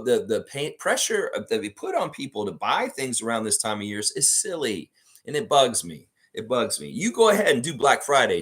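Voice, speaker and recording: A man hosting a live fan stream in a casual, ranting way. His pitch swings widely as he gets worked up, and he swears freely. He repeats his points and reads viewers' comments aloud. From Canada. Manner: animated, swears a lot, repeats himself, reads chat aloud. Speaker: fan show host.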